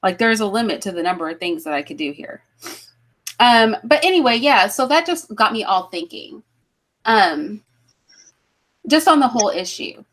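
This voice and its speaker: A woman's voice: mid-range voice, sing-song, normal speed, pauses often, a bit bright. A woman hosting a livestream talk show, chatting casually with guests and her live chat, laughing and thinking aloud as she goes.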